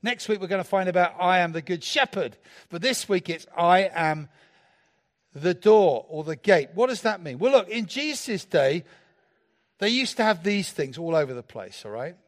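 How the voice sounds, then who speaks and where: A man's voice: sits high, moderate pace. A man. He preaches playfully and jokes with the people in front of him. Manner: playful, animated, jokes with the congregation. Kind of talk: sermon.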